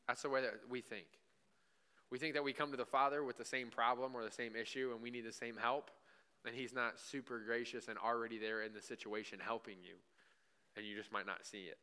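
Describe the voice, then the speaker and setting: In a church, a male pastor preaches a conversational sermon in a medium-pitched, steady voice that is brisk, sharp, and clean. He sprinkles in frequent "right?" asides and acts out short bits of imagined dialogue with God.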